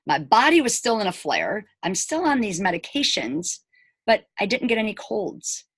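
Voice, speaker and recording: Speaking at a normal pace with a medium pitch and a breathy edge, an elementary school teacher in her 40s chats to camera about her own experience; the recording has no room sound. She acts out what others said as dialogue and throws in emphatic, lively asides to her viewers.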